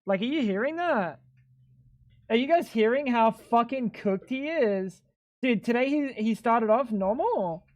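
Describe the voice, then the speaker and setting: A man livestreaming a game, talking to his chat in an excitable, rambling way and swearing often. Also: extremely high pitch, a little slow. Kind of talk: casual gaming stream chatter.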